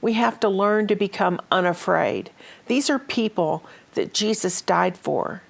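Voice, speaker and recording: A woman's voice: medium pitch, animated, unhurried, creaky. A woman hosting a ministry talk show, telling stories in a casual way with many fillers and restarts. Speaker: host.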